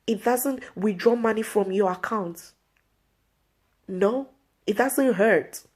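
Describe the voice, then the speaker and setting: A woman's voice: fairly high pitch, a little mellow, husky. A woman vlog host giving an earnest inspirational faith talk to camera, repeating her pleas.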